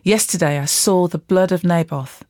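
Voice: mid-range voice, moderate pace, a little mellow, dry recording, close to an everyday voice. Reader doing a fierce male army commander, stern, commanding, scripture reading, dry sound.

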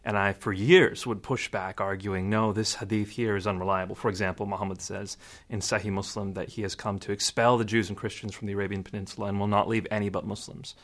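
Measured man explaining at length. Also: fairly low pitch, flat delivery, a bit bright. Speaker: guest. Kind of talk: interview answer.

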